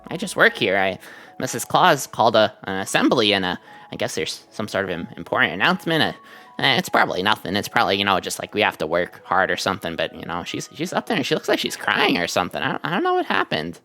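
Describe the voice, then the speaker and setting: A man's voice: on the low side, huge pitch swings, quick pace, bright, forceful tone, faint music behind, exaggerated voice. A man doing a stammering nervous elf. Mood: flustered. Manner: stammering, flustered. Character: nervous young male workshop elf.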